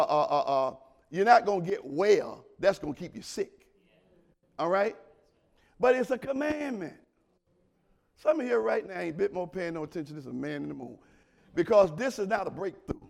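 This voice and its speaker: A man preaching a sermon in a colloquial way, talking straight to the congregation and swinging between loud shouts and quiet murmurs. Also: high voice, vocal fry.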